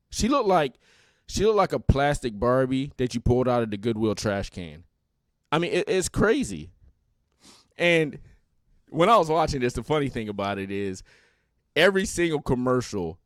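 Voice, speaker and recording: A man riffing through a podcast with lively, swinging pitch and quick mocking jokes. The sound is close and dry, with no room around him. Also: no room sound. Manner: animated, mocking, laughing asides. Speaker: podcast host. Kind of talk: casual comedic commentary.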